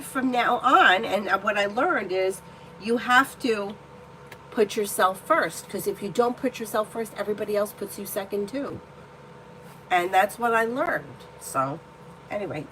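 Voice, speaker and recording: A woman in the middle of her vocal range, talking casually while she reads tarot cards on a live stream. She is candid and blunt, and she swears without holding back. Her voice stays mid-pitched and conversational. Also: normal speed, fairly bright tone, a little hiss or hum, poor audio. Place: indoor room at home.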